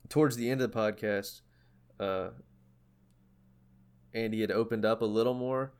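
Young male podcast co-host, low-pitched, rambling and filler-heavy, relaxed casual chat. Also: moderate pace, clean tone. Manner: rambling, many fillers and restarts. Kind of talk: casual chat about music.

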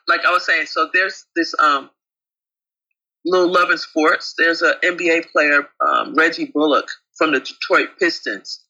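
A man co-hosting a casual talk show, chatty and affectionate, with a husky voice. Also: on the high side, takes it slowly, pushed and bright, lo-fi sound. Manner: chatty, calls co-host babe. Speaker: co-host. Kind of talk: casual chat.

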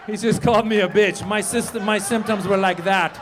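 A man's voice: high-pitched, normal speed, few pauses, slight background noise. A man in his fifties doing a stand-up comedy set on a comedy club stage, talking to the crowd and acting out characters. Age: 50s. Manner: animated, crowd work, acts out characters.

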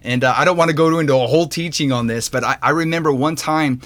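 A man's voice: on the high side, quick pace, a bit bright. A man teaching in a podcast sermon, earnest and conversational, with many fillers and restarts. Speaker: podcast host and preacher.

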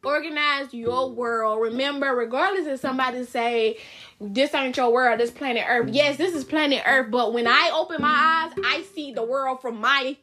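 This young woman's solo podcast is chatty and informal, aimed straight at her audience, with faint music underneath. Her high-pitched voice sounds pushed and bright, and she talks at a normal speed.

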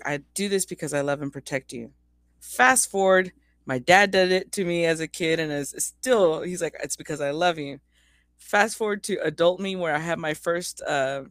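A woman's voice: low-pitched, no echo. A woman co-hosting a casual faith podcast, talking earnestly and telling stories with many restarts. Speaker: podcast co-host.

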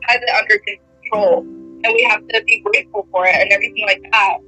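Hesitant young woman, very bright voice. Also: medium pitch, steady tone, a little fast, soft background music, poor audio. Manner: hesitant, full of likes. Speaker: guest. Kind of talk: casual faith chat.

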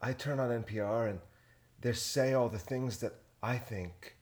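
A man putting on a soft, breathy, self-satisfied voice of a smug public-radio listener, recorded on a single handheld recorder. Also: medium pitch, a little slow, natural voice.

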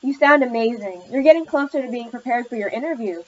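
A woman's voice: a little high, animated, fast, slight background noise, lightly acted. A woman reading as a patient, kind tutor. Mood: encouraging. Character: patient encouraging woman tutor teaching speech. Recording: slightly muffled lo-fi recording.

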